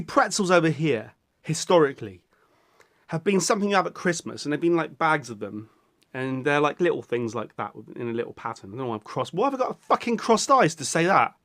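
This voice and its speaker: A man's voice: a little high, fairly bright tone. A man, rambling through a casual vlog in a goofy way, swearing often and breaking into silly voices. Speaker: vlogger.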